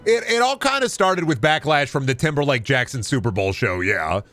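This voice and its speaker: A man's voice: mid-range voice, expressive, moderate pace, a bit bright, no room sound, soft background music. A man streaming a video game, chatting casually and riffing on absurd jokes with plenty of profanity. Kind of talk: casual live-stream chat while gaming.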